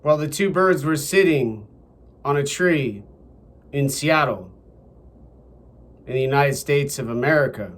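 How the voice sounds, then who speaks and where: A storyteller speaks slowly and haltingly, leaning on short, repeated phrases. The voice sits at a middling pitch but swings up and down freely from phrase to phrase. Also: animated. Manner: repetitive, simple phrasing.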